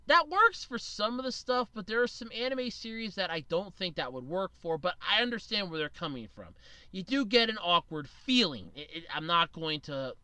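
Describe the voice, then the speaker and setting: Blunt, lively solo podcast host. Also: medium pitch, dry recording. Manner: blunt, opinionated, swears casually; rambling with frequent restarts. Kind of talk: solo casual podcast commentary.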